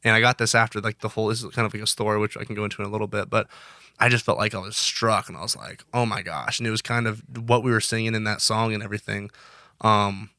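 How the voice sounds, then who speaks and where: A man's voice: on the low side, steady tone, fast talker, sharp tone, no echo, clean studio sound. A young man in his twenties, a guest in an interview, talking earnestly in casual chat, rambling with many restarts. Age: 20s. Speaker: guest, college wrestler.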